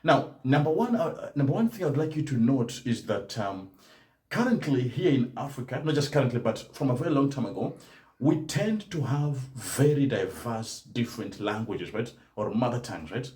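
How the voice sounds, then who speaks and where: A man's voice: medium pitch, sing-song, moderate pace, a little mellow, reverberant. A man teaching German learners in a live-stream talk, speaking emphatically and often adding "right?" to his points. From Kenya. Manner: emphatic, tags statements with "right?".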